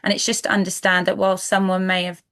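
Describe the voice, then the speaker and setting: A woman with a Brighton accent, a guest coach in a podcast interview, speaking softly and hesitantly with many fillers. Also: medium pitch, monotone, fast. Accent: Brighton English. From England.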